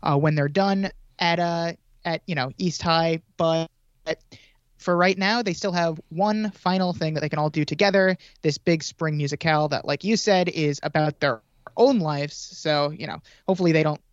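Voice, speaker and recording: A man's voice: on the high side, normal speed, clean tone, dry recording, lo-fi sound. A man co-hosting a podcast, recapping a film in a casual, jokey way. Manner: laughs easily, jokey. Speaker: podcast co-host.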